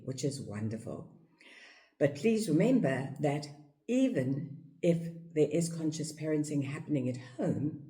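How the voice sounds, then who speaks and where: A woman with a South African accent giving a reflective teaching talk on life outlook, repeating phrases for emphasis. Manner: acts out parents' voices in a high, excited tone. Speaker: yoga teacher and speaker.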